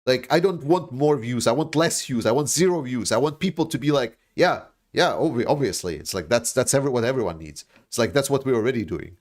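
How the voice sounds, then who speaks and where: Fired-up guy from the former soviet bloc, live streaming, keeps repeating himself, swears a lot, mid-pitched voice. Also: lively intonation, fast, few pauses, darkish tone. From Eastern Europe, post-Soviet. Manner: emphatic, repetitive, swears when angry. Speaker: livestream host. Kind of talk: impassioned political livestream monologue.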